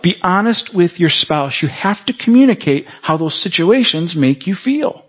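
Male pastor with a somewhat high voice, giving a chatty sermon full of quick audience check-ins, captured on muffled, lo-fi audio. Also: very animated, fairly bright tone, slightly rough. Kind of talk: conversational sermon. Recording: dull lo-fi recording.

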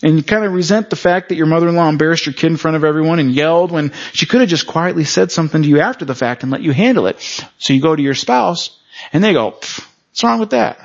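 A man's voice: on the high side, fast talker. A man preaching a conversational sermon, who often checks in with the congregation through rhetorical questions. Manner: frequent rhetorical check-ins with the audience. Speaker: pastor. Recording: dull lo-fi recording.

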